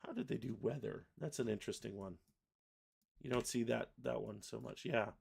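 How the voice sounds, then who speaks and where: Gravelly man demoing software live. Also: mid-range voice, normal speed. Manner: thinking aloud, self-correcting. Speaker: software livestream host. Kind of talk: casual live software demo.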